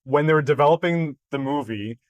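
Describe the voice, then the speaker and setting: A man with a fairly high voice, co-hosting a casual movie podcast. He talks in long, rambling stretches and keeps restarting his sentences. The sound is dry and close, with almost no room in it. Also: brisk, dry recording, muffled recording. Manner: chatty, restarts and fillers, tells stories at length. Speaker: podcast co-host.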